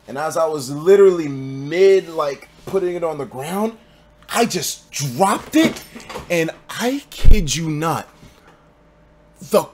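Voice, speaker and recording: Young guy livestreaming, cussing a lot, goes from mumbling to yelling, super lively voice. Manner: animated, swings from low mutters to loud bursts; swears freely. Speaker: streamer. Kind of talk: casual storytelling on a livestream.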